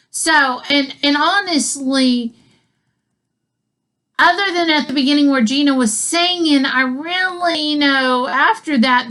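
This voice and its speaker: With a high-pitched, slightly bright voice, a woman comedian rambles through a comic tale, interrupting herself with asides and laughing softly between lines.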